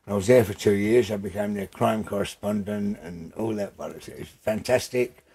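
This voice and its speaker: An older man, gravelly and husky, speaking bluntly and emphatically in a casual interview at his home, swearing freely. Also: lowish voice, normal speed, darkish tone. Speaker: interview guest.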